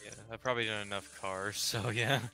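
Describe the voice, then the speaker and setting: A man's voice: lowish voice, fairly even intonation, brisk, pushed and bright, faint music behind. A man streaming a game, chatting casually in a playful, laughing, sleepy way. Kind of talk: casual gameplay chat.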